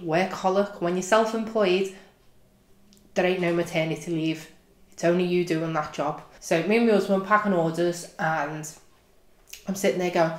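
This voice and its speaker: A young Scouse woman vlogging, telling a funny personal story with animated swings from low muttering to loud outbursts. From England. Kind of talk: comic storytelling. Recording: echoey room.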